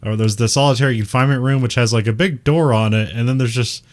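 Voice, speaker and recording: A man's voice: mid-range voice, quick pace. A man co-hosting a casual podcast, rambling through a movie chat with lots of fillers and frequent laughs. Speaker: podcast co-host.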